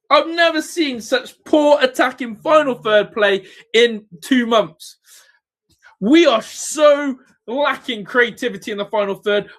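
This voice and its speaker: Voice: medium pitch, fairly bright tone. A football fan ranting in exasperation, repeating complaints about the team.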